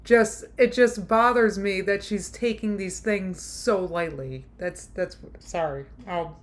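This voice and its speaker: Slow-talking sarcastic woman streamer. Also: medium pitch. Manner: sarcastic, exasperated, talks back at the clip. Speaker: streamer reacting to a video. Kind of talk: casual react commentary.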